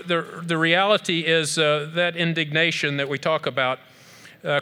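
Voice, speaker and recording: Emphatic man giving a bright speech. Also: a little high. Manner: earnest, emphatic, with rhetorical repetition and fillers. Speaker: speaker honoring a group at an event. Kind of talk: speech to an audience.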